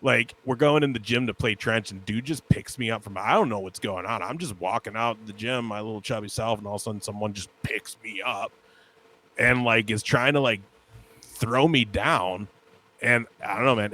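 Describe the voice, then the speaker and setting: A man's voice: on the low side, moderate pace, a bit bright. A young adult man co-hosting a podcast, chatting casually and telling rambling stories full of "like". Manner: rambling storyteller with many "like" fillers. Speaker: podcast co-host. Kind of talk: casual chat.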